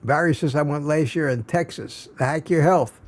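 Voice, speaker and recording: Tired older man chatting on a live stream. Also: on the high side. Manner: halting, many restarts and fillers. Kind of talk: casual live-stream chat.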